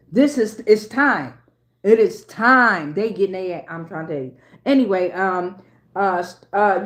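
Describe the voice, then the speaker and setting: A woman's voice: medium pitch, reverberant. A woman giving a casual tarot reading to a phone camera, slangy and emphatic, often repeating herself. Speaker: tarot reader.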